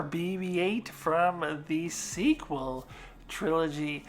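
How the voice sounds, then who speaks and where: A woman's voice: deep voice, expressive, measured pace, faint music behind. A woman hosting a casual countdown video, talking in a chatty, enthusiastic way with frequent filler sounds. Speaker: video host.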